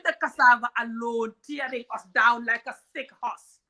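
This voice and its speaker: A woman's voice: fairly high pitch, fairly even intonation, normal speed, sharp tone. A woman from Africa hosting a comedic relationship talk, blunt and outspoken, often laughing. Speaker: host.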